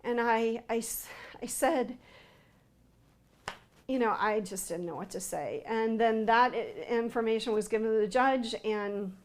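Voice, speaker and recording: A woman recounting a personal account in an interview, speaking haltingly with frequent fillers and restarts. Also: fairly high pitch, slight background noise.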